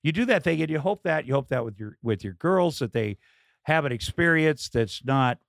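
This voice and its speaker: A man's voice: fairly high pitch, animated, vocal fry, a bit bright, no room sound. Candid middle-aged man, dry close sound. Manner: candid storytelling, halting with fillers, acting out dialogue. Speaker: podcast guest, comedian. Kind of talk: casual chat.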